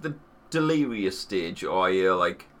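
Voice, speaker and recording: Northern English man, low bright voice, podcast co-host, short swearing reactions. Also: animated, a little slow. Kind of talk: casual chat.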